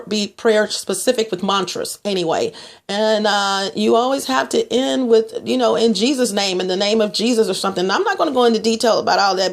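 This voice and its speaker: A middle-aged woman from Texas talking casually to camera about faith and her skin products, rambling and restarting often. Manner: rambling, restarts a lot, mocks others in a higher voice. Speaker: vlogger selling skin products.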